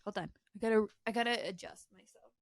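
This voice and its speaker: A woman's voice: medium pitch, fast, dry recording. A woman with a Maine accent, co-hosting a podcast, telling stories in a chatty way with giggly asides. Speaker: podcast co-host. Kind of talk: casual chat.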